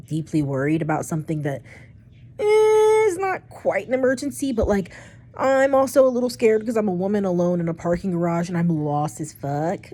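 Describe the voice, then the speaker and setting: A young woman casually retelling a personal story for her vlog, chatty and rambling, with frequent swearing and animated asides. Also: lowish voice. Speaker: storytime vlogger.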